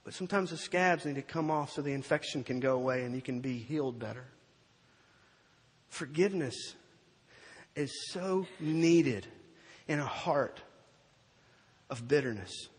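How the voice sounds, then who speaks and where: Husky-voiced preacher in an echoing hall. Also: male voice, fairly high pitch. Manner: animated storytelling, slows for emphasis. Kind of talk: sermon.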